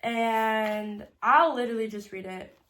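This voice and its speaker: A woman's voice: on the high side, measured pace. Emotional young woman telling a story. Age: 20s. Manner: emotional, on the verge of tears, laughing through it; frequent "like" fillers, trailing soft endings. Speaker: vlogger. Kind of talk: casual confessional storytime.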